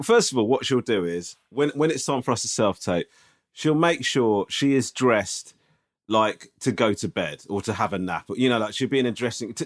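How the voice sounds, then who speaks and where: A man, co-hosting a podcast and telling a story in casual, swearing chat, often checking with "right?". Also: medium pitch. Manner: animated, swearing, tag questions. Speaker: podcast co-host.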